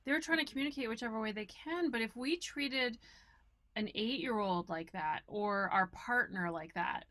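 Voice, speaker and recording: A woman co-hosts a casual talk show, animated and lively as she makes her point. Her voice is bright and pitched a little high. It is recorded dry and close. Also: normal speed, no room sound. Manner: animated, acts out quotes. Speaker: co-host.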